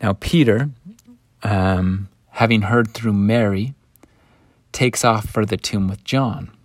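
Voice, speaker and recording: A man teaching a scripture lesson, retelling the story in an animated way that swings between hushed and lively. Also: fairly low pitch, no echo.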